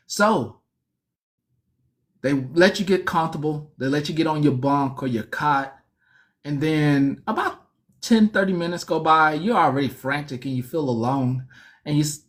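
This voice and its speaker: Animated comic storyteller. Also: medium pitch. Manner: animated, conversational, laughs often.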